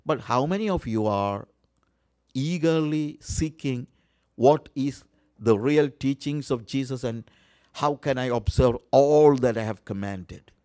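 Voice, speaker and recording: Earnest preacher man, slow and dry. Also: mid-range voice, a little mellow, no echo. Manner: earnest, repeats key words for emphasis, frequent uh fillers. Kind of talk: sermon.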